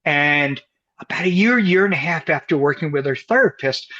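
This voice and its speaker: Guest speaker, male, from the US, lively storyteller who voices the people in his stories, slightly raised pitch, muffled lo-fi sound. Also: moderate pace. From United States. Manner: animated storyteller, acts out quoted voices. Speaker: guest, author and couples counselor. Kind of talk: storytelling in an interview.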